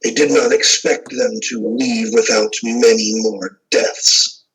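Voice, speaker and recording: A man voicing an ancient female dragon who speaks in a measured, formal way. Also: medium pitch, fairly even intonation, fairly bright tone, slightly rough, exaggerated voice, low-quality recording. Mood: impressed.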